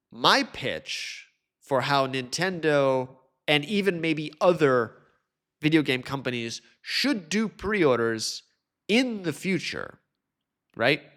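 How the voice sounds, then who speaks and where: A man hosting a solo podcast, talking casually and chattily, now and then mimicking others in a high mocking voice. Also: a bit bright. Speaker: podcast host.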